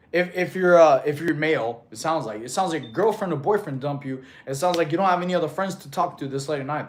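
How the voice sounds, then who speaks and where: Guy in his 30s streaming, reading chat out loud, chill bro-ish fitness coach vibe, voice sits a bit high. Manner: laid-back, reads chat aloud, calls people bro.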